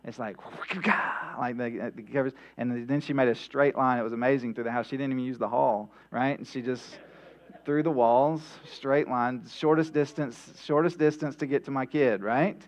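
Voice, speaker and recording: He's a pastor preaching midweek in a church, his medium voice steady and a bit fast with hardly any pauses. The talk is conversational, peppered with "right?" and frequent restarts, and the sound is dull and lo-fi with mains hum.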